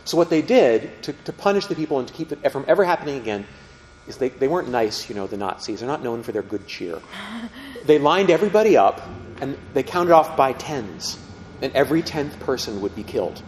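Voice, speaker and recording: A man's voice: lively intonation, brisk, a little mellow. A middle-aged man teaching a group about faith, speaking conversationally and often asking the audience questions. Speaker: Catholic teacher. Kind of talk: storytelling talk to a group. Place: meeting room with tables. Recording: reverberant hall, faint rumble.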